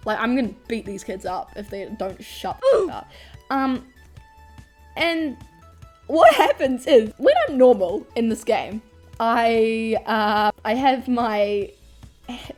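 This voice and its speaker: A young woman tells a storytime vlog, animated, laughing often and swearing freely. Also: fairly high pitch. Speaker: vlogger.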